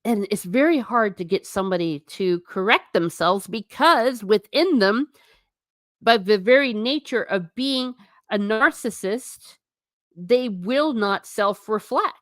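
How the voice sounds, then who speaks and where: A chatty woman hosting a livestream, speaking casually and reading out viewer comments as she goes. She talks emphatically and repeats herself for effect, at an ordinary middle pitch. The sound is dry and close, with no room echo. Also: animated, unhurried, fairly bright tone. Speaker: livestream host.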